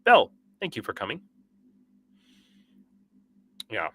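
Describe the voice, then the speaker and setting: A young man with a bright, forward voice chats through a livestream, worn out from a sleepless night and wired on coffee. His talk rambles and halts, full of restarts and fillers, and he breaks into short laughs between viewer comments. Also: on the low side, wildly swooping pitch, a little fast, slightly rough. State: sleep-deprived and over-caffeinated. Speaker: livestream host. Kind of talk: casual livestream chat reading viewer comments.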